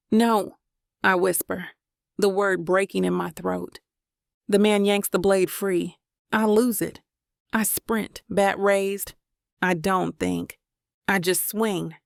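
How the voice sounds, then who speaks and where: Slow, gravelly woman audiobook narrator. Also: medium pitch, no room sound, clean studio sound. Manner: dramatic, emotional delivery. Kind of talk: first-person romance audiobook narration.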